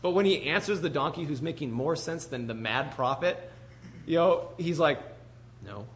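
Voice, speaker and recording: A man preaching a conversational sermon in an animated, chatty way, full of asides to the congregation. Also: on the high side, moderate pace, slight background noise.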